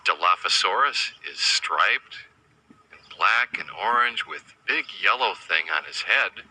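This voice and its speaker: A man teaching young children, slowly naming animals, asking simple questions and spelling each word letter by letter. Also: fairly low pitch, animated, bright, forceful tone, low-quality recording.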